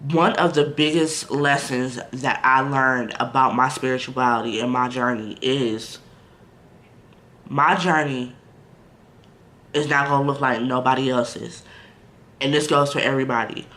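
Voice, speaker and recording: A man's voice: mid-range voice, bright, forceful tone. A man talking candidly to the camera in a casual vlog, blunt and conversational, full of fillers and direct asides to viewers. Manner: candid and blunt, lots of "like" and "you know". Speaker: vlogger.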